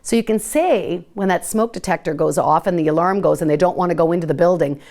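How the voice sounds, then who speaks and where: A middle-aged woman giving a live parenting talk as host, lively and at times sing-song when she shows how to talk to kids. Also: lowish voice, fast talker. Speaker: parenting educator hosting a live session.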